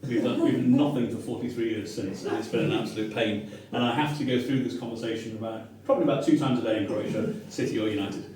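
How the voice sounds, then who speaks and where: A man's voice: medium pitch, quick pace, hardly any pauses, crowd noise. A middle-aged English man with a Manchester accent, giving a humorous storytelling talk to an audience and acting out the voices he quotes. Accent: Mancunian English. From Manchester, England. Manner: animated, self-mocking, acts out quoted voices. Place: restaurant dining room with an audience. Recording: echoey room from far off.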